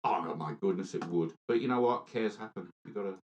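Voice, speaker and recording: A man's voice: deep voice, fairly quick, muffled recording. A man with an Australian accent, co-hosting a podcast with playful, mock-serious banter. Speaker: podcast co-host. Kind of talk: casual banter.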